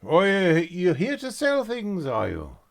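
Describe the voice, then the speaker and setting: A man's voice: high-pitched, huge pitch swings, measured pace, creaky, voice pushed up, full character voice. A man voicing a huge, welcoming olive merchant who talks in broken, repetitive sales patter. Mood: eager.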